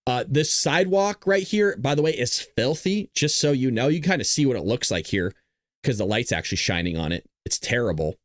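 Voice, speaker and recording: Lively intonation and a brisk pace mark this medium-pitched man, recorded dry at studio quality. The podcast host talks casually to viewers, rambling on as he plays clips of his own videos.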